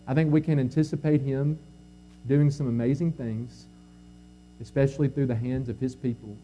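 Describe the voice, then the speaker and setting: A man preaching a sermon as pastor, earnest, rising to emphatic quotes and dropping soft again. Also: medium pitch. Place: church sanctuary.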